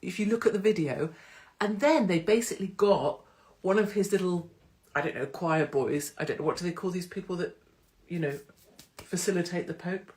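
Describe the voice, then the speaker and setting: A woman hosts a casual live social media stream from her phone, speaking in a lowish, darkish voice at a moderate pace. She's irreverent and sweary and slips into mocking voices.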